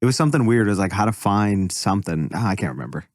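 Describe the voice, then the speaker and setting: A young man chatting on a comedy podcast, his voice sitting a bit low. He tells stories loosely, laughing and acting out the people in them. The sound is dry and close, with no room in it. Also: very animated, rapid-fire, dry recording. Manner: laughing storyteller, acts out quotes. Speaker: podcast co-host. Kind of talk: casual chat.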